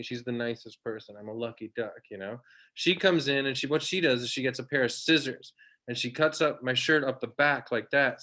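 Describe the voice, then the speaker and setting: A man's voice: medium pitch, fairly bright tone. A man in his thirties doing a rambling, self-deprecating stand-up set from his home over a video call, with lots of fillers. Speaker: stand-up comedian.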